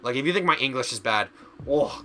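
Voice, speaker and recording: A man's voice: medium pitch, expressive, racing, bright, forceful tone, a little hiss or hum. A man streaming a video game, chatting casually and rambling, often stumbling over his words. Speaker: VTuber streamer. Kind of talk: casual gaming stream chat.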